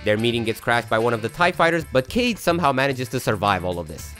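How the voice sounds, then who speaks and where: A man's voice: medium pitch, sing-song, fast, fairly bright tone, soft background music. A man narrating a comedic movie recap with sarcastic, jokey asides.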